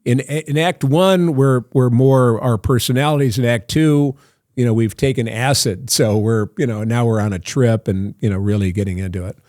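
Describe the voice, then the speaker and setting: A man's voice: mid-range voice, normal speed, a little mellow, dry recording, studio quality. An older man, a guest actor in an interview, telling long anecdotes in a loose, self-interrupting way. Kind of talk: casual storytelling interview.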